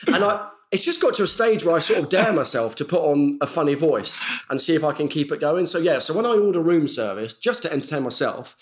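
Man, animated, chatty, slightly high pitch, guest storyteller. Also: quick pace, few pauses. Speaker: guest, former Olympic athlete. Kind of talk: casual chat.

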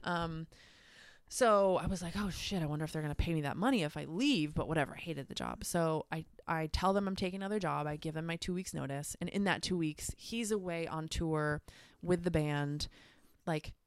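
A woman's voice: low voice, fairly quick, clean tone, dry recording. A young woman telling a personal story in casual chat, candid and full of swearing. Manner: candid, profane, animated storytelling. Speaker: guest.

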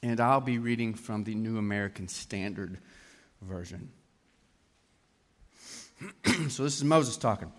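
A man preaching a sermon to a congregation in an animated way, often putting questions to his listeners. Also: lowish voice, unhurried, long pauses. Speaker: pastor. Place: church hall with congregation. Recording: long hall reverb.

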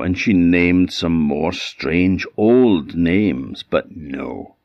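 Slow, deep-voiced Orkney storyteller. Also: male voice, no room sound, lo-fi sound. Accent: Orkney Scots. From Orkney, Scotland. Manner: unhurried, conversational telling. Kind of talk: oral folk storytelling.

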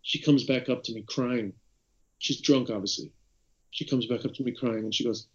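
Animated Irish man telling stories. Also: mid-range voice, moderate pace, highs cut off. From Ireland. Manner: animated storyteller, frequent restarts. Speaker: podcast co-host. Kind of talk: casual chat over a call. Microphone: video call.

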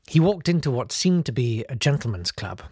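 A man reads a comic story aloud, dropping into playful asides along the way. The sound is dry and close to the mic, and his pitch sits in the middle. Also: sing-song, brisk, darkish tone, slightly rough, no echo. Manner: breaks off into jokey asides. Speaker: comedy podcast host reading aloud.

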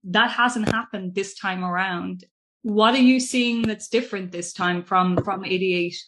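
A woman's voice: mid-range voice, measured pace, background noise. Woman host asking a question. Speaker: podcast co-host. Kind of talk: interview questions.

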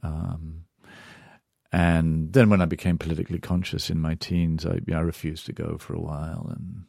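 A man's voice: very deep voice, flat delivery, normal speed, creaky, darkish tone, dry recording, clean studio sound. A middle-aged Englishman, an author and journalist answering interview questions in a thoughtful way, searching for words and turning emphatic when moved. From England.

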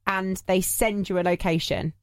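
A woman co-hosting a podcast in casual chat, talking quickly in bursts with plenty of fillers and restarts. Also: mid-range voice, fairly even intonation, no echo, clean studio sound. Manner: chatty, lots of fillers and restarts. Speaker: podcast co-host.

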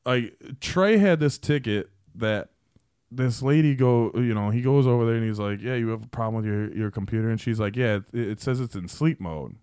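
A man's voice: medium pitch, moderate pace, darkish tone, smooth, no echo, clean studio sound. A man on a podcast telling long, profane workplace stories in a loose, rambling way full of fillers. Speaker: podcast guest. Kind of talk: casual storytelling.

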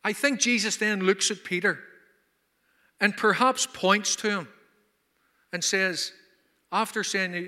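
A man's voice: high-pitched, a little slow, pauses often, bright, forceful tone, big-room sound. A man preaching a sermon at a conference, emphatic and full of rhetorical questions. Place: conference hall.

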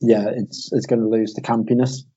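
A man's voice: mid-range voice, little pitch movement, normal speed, warm tone. A man co-hosting a podcast, chatting enthusiastically about films with stumbling repeats. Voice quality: husky. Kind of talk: casual chat about films and games. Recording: dull lo-fi recording.

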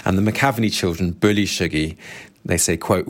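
Guy with a lowish voice going through a novel's plot, reading bits out, steady and plain. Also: brisk. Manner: steady, plain retelling with quoted passages. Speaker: book reviewer. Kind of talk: book summary with read-out quotes.

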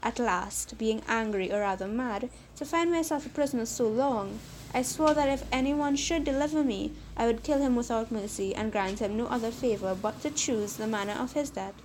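A woman's voice: a little high, normal speed, hardly any pauses, darkish tone, slight background noise, lightly acted. A woman voicing a fierce, vengeful male genie who speaks in stern, archaic formal language in a storybook reading.

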